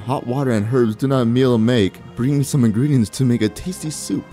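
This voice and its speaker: Brief: cryptic old crone for a game, read by a man, hushed and mellow-toned, faint music under. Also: medium pitch, a little fast, close to an everyday voice. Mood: bossy. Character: cryptic old female witch, sly and menacing. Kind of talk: voicing game dialogue.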